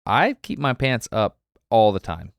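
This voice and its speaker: A man's voice: medium pitch, very animated, unhurried, gravelly, no echo, studio quality. Candid Alabama man, laughing easily. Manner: laughs often, candid and self-deprecating. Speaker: podcast guest. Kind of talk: casual conversation.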